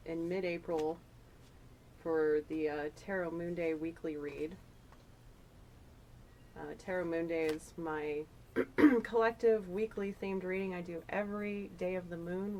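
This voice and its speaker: A woman's voice: on the low side, darkish tone, slight background noise, low-quality recording. A woman giving a casual, chatty tarot reading, rambling and emotional as she talks through the cards. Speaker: tarot reader.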